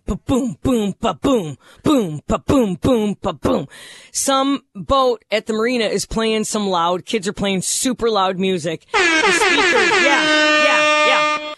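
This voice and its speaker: A man co-hosting a casual talk show, telling a story with lively animation and frequent laughs. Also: very high voice. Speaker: radio show co-host. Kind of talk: casual chat.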